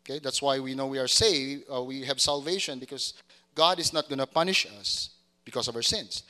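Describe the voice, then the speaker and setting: A man's voice: medium pitch, brisk, bright, forceful tone. A man preaching a sermon to a congregation, often repeating words and restarting phrases and checking that the listeners follow. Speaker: pastor.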